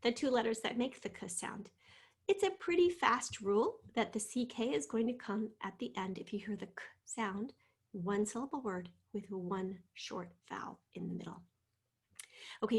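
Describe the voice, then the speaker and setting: A woman teaching a spelling lesson, patiently sounding out letters and sometimes dropping to a soft whisper. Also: mid-range voice, husky.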